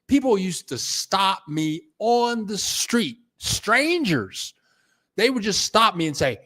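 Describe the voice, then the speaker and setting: A man's voice: high voice, big pitch swings, unhurried, pushed and bright. An older man chatting casually on a live stream, telling stories and reading out viewer comments. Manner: storytelling, reads viewer comments aloud, chuckles. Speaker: vlogger.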